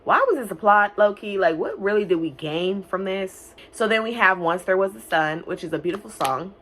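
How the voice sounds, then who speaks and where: A young woman casually recapping an animated film, talking fast and loose with lots of filler words and swearing. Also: mid-range voice, slight background noise. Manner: chatty, profane, many "like" fillers; quick bursts of mock-singing and silly character voices. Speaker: movie reviewer.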